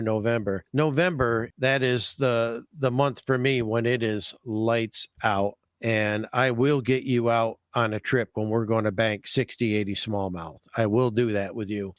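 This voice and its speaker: A folksy man chats with enthusiasm on a fishing podcast and sometimes repeats himself as he goes. His voice comes across smooth and clear. The sound is dry and close to the mic. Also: mid-range voice, dry recording. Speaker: podcast host, fishing guide. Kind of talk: casual podcast chat.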